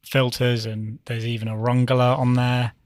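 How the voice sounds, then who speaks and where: A man on a gear chat show, explaining pedals in a chatty, filler-laden way. His pitch is moderate and the sound is dry and close. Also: little pitch movement, normal speed, darkish tone, no room sound. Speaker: co-host. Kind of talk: casual chat.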